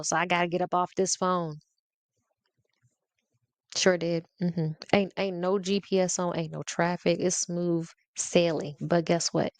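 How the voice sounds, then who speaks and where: Her voice is low-leaning and steady, at normal speed with no echo. A woman hosting her own podcast, she rants casually to her listeners, sassy and playful, laughing often as she talks right to them.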